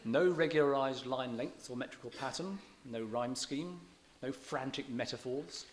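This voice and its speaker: A man's voice: mid-range voice, moderate pace. A man lecturing on poetry to an audience, chatty and digressive, often stopping to correct himself. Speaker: visiting lecturer in English. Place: church hall.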